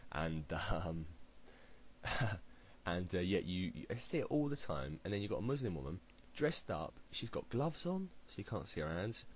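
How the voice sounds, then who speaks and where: A man's voice: sits low, sing-song, moderate pace, a little hiss or hum, low-quality recording. A British man delivering a heated, blunt opinion rant to camera, swearing freely. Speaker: video blogger. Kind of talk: ranting opinion commentary.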